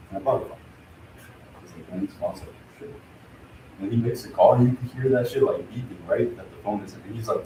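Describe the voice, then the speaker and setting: A man's voice: lowish voice, a little mellow. A young man chatting casually at his workplace, telling a story in slangy, profane talk. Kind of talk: casual chat. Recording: echoey, far-off mic, background noise.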